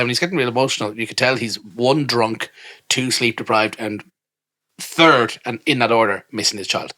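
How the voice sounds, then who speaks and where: A man's voice: mid-range voice, moderate pace. A young man co-hosting a podcast, telling stories in a casual, joking way. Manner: animated storyteller, jokey impressions. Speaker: podcast co-host. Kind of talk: casual chat.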